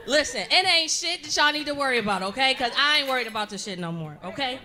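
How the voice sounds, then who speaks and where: Brash, animated woman comic on stage. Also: high voice, fast talker, few pauses. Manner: brash, profane, animated, laughing through lines. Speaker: stand-up comedian. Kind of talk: stand-up comedy set. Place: comedy stage before a live audience.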